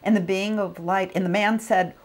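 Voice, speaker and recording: A middle-aged woman shares a personal story in a motivational talk. Her voice sits in a middle pitch, and she tells the story in an animated way. She acts out the voices of the people in it. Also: normal speed. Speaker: motivational speaker.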